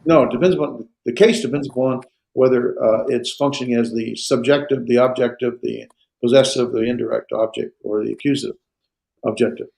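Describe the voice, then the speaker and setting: A man lecturing on grammar to a small class, his voice gravelly with a creaky edge. He talks in halting bursts, full of "uh" and restarts. The sound is roomy and echoey. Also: mid-range voice, steady tone, a little mellow. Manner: hesitant, many fillers and restarts. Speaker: Greek instructor.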